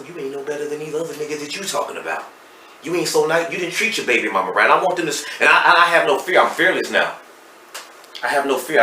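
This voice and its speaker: Fast-talking Texan man, roomy off-mic sound. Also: medium pitch, recorded from a distance. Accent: Southern US, Texas. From Dallas, Texas. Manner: fast, streetwise and intense, swings between loud and hushed. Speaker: podcast guest, hip hop artist. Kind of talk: candid emotional storytelling. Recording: roomy echo, off-mic, faint noise.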